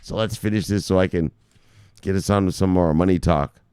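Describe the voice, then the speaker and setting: A man's voice: low voice, fairly quick, warm tone, smooth, no echo. A man hosting a crypto news vlog, ranting casually with lots of swearing and laughing asides. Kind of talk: casual profane news commentary.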